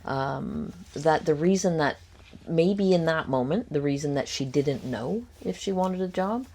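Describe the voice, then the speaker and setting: A woman with a low voice talks through a reaction commentary, pausing often with ums. She is critical and speculative, weighing each point as she goes. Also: animated, warm tone. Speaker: commentary host. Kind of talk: reaction commentary on a podcast clip.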